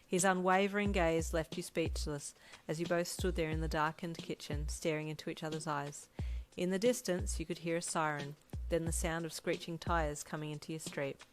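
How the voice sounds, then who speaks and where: A woman narrating a second-person fanfic story in a steady, even way. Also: deep voice, moderate pace, few pauses, low-quality recording. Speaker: audiobook narrator. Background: faint music.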